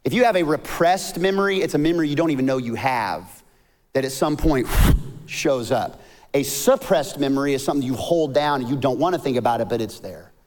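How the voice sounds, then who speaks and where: Animated pastor preaching in a reverberant hall. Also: male voice, a little fast. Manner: animated, rises to high emphatic peaks, tells jokes and stories. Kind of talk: sermon.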